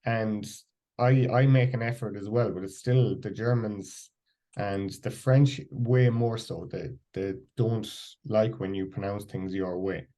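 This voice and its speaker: A man's voice: fairly low pitch, fairly even intonation, measured pace, dark tone. An Irish man hosting a podcast, introducing an episode and chatting casually with a guest. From Ireland. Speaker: podcast host.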